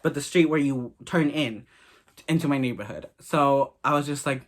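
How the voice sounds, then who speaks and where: A man's voice: medium pitch, normal speed. A young man vlogger telling a story casually, blunt and crude, swearing often.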